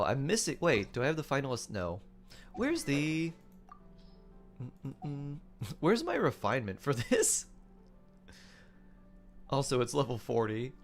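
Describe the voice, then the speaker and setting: Gravelly male streamer chatting over gameplay. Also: mid-range voice. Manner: chatty, laughs often, reads chat aloud. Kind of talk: casual gameplay commentary. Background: faint game music.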